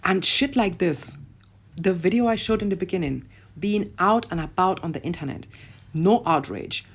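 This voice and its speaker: A woman rants to camera in a husky, lowish voice. She is blunt and profane, leaning hard on each point with emphatic repetition. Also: moderate pace. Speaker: online commentator. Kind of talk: impassioned rant to camera.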